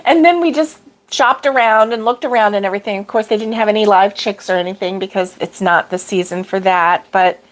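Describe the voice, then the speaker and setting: A woman's voice: mid-range voice, moderate pace. Chatty woman livestream host, rambling. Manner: rambling, chatty, laughs often, greets viewers by name. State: sneezing and coughing from allergies. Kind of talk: casual chat.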